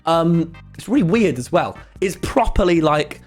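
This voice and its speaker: A man, telling a story to his live chat in an excitable, rambling way. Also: on the high side, normal speed, faint music behind. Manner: excitable and rambling, with many restarts. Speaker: streamer.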